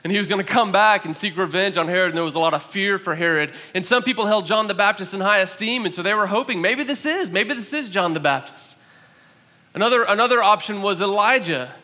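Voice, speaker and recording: High, bright-voiced male preacher. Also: quick pace, few pauses, big-room sound. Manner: conversational, animated preaching with restarts. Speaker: pastor. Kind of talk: sermon.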